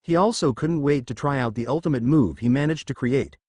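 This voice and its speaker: A man narrating a fan fiction story aloud in a lively storytelling manner. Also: mid-range voice, fairly quick, no echo.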